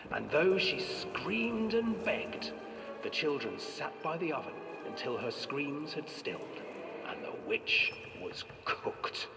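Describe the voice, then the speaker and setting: A man narrating a dark fairy tale as a ride's storybook voice, in measured, storytelling delivery. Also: on the high side, sing-song, gravelly, exaggerated voice. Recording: echoey hall, voice from far off. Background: eerie music.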